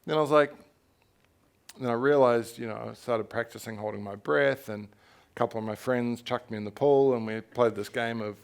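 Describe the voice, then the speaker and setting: Speaking on stage at a festival talk, this young New Zealand author has a medium-pitched voice that's both gravelly and smooth, at normal speed. The conversation is candid and live, and he recounts his story animatedly and frankly, laughing and swearing now and then.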